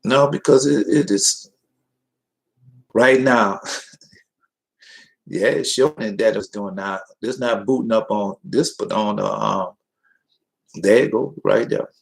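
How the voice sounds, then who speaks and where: Gravelly-voiced man preaching informally. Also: lowish voice, slow, pauses often, low-quality recording. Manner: rambling, folksy, talks to listeners directly.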